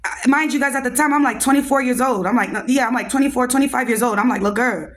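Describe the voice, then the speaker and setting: A young woman hosting a podcast, telling a story in a casual, animated and slangy way and talking straight to her listeners. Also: high voice, fast. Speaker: podcast host.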